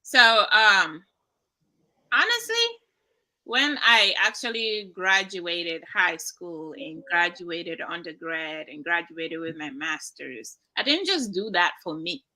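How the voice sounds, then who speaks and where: A young woman from Nigeria tells her own story as a guest. Her voice is bright and forceful. She speaks earnestly and prayerfully, and a soft laugh slips in now and then. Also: lowish voice, lively intonation, slow, poor audio. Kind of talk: emotional personal testimony.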